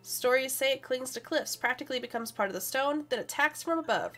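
A woman's voice: high-pitched, fairly quick, fairly bright tone, soft background music. A woman reading a friendly young male classmate calling on the phone, in her own plain voice. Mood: chatty. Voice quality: plain reading voice, no accent put on.

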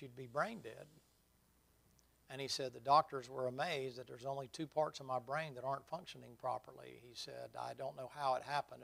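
A middle-aged man preaching a sermon, telling folksy stories and building to loud, emphatic points. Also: mid-range voice, vocal fry.

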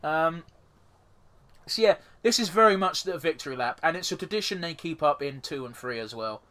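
A man's voice: a little high, lively intonation, moderate pace, a bit bright. Chatty, sweary man narrating gameplay. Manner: chatty, rambling, swears freely. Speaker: let's play host. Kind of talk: casual gameplay commentary.

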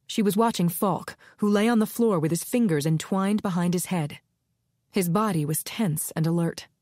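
This scripted audiobook narration comes from a woman whose pitch is fairly low and whose reading stays measured and even. The recording is studio quality, without any echo.

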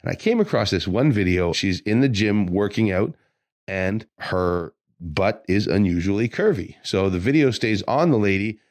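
A deep-voiced man on a fitness podcast, talking casually as a trainer and building into earnest rants. His voice sits very low and close, with a dry, dead sound around it. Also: expressive, normal speed, a little mellow, no room sound. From Quebec. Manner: chatty, ranting with conviction.

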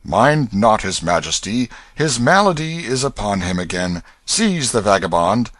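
A man's voice: on the low side, animated, measured pace, no echo. A man doing a grave authoritative nobleman. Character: older male nobleman regent, authoritative and grave. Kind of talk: audiobook character reading.

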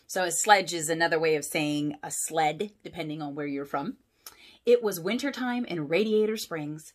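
A woman pastor with a low voice reads a picture book aloud to children at a normal speed. Her storytelling is animated, and she adds friendly asides and questions for the kids.

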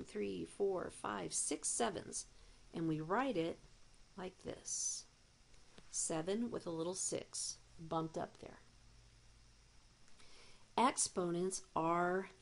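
A woman math teacher explaining a recorded demo lesson step by step, with deliberate pacing and playful asides. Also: lowish voice, creaky, a little hiss or hum.

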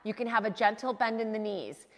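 A bright, cheerful young woman guiding a yoga class with a slightly high voice. She coaches in a chatty, encouraging way. The sound rings out with a long reverb, as in a large open room. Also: fairly quick. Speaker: yoga instructor. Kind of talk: guided yoga class instruction.

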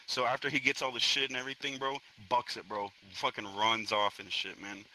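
A man's voice: medium pitch, level tone, brisk, pushed and bright, slight background noise, poor audio. A young man from Florida telling a story to friends in a rambling, profane street-slang way. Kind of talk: casual storytelling among friends. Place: online virtual social space.

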